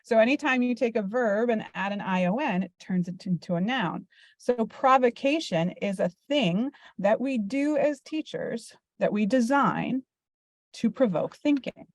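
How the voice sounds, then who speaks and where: A woman teacher explaining ideas to parents in a clear, teacherly way over a video call. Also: a little high, lively intonation, a little slow, a little mellow, no echo. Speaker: elementary school teacher presenting to parents. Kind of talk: explanatory presentation.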